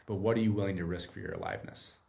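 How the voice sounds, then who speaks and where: A man with a low, gravelly voice talks earnestly as a podcast guest. He explains things in a relaxed, conversational way and keeps checking in with the listener. His tone has a steady, grounded weight. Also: racing. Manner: earnest, tags points with "right?". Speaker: guest, treatment center director.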